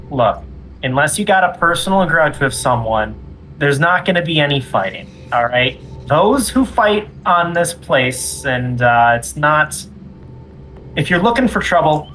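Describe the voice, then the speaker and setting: A man's voice: a little high, fairly bright tone, poor audio. A man playing his character in a tabletop role-play, breezy and persuasive, drawling through his plans. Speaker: player.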